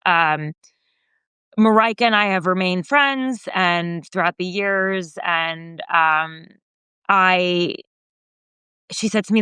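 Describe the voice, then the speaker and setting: A woman podcast host and journalist recounting a story in casual conversation, animated and full of fillers, raising her voice when quoting others. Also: slow pace, pauses often, clean tone, dry recording. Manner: animated retelling, voicing quoted remarks higher, frequent fillers.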